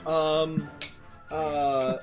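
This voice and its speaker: A man's voice: a little high, level tone, extremely slow, faint music behind. A man narrating a tabletop game as game master, hesitant, with many ums and frequent laughs.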